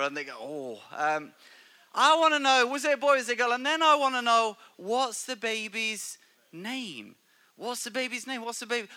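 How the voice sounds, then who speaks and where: A middle-aged male pastor preaching a sermon in a church, animated and joking, with stammered restarts. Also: high voice, smooth.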